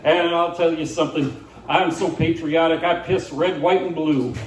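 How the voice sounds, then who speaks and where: A man's voice: on the high side, steady tone, moderate pace, recorded from a distance, natural voice. A man voicing a boastful male country singer with a folksy drawl, from a roomy live stage.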